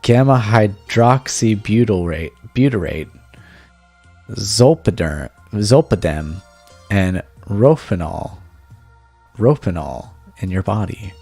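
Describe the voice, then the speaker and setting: A man's voice: on the low side, darkish tone, full character voice. A man voicing a doting, possessive young wife while reading a text game aloud, in a plain, lightly acted tone.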